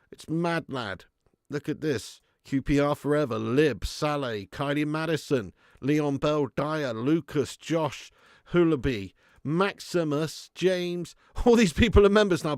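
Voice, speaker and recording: A man's voice: on the high side, no room sound, studio quality. A young adult man hosting a casual livestream, chatty, laughing often and reading out viewer comments. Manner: chatty, laughs often, puts on mock regional accents. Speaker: fan channel livestream host.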